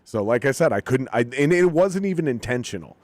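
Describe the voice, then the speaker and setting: Talking a little fast in a mid-range voice, with no room sound, a rock musician appears as a podcast guest. His storytelling is loose and animated, full of free swearing and reenactments of what others said.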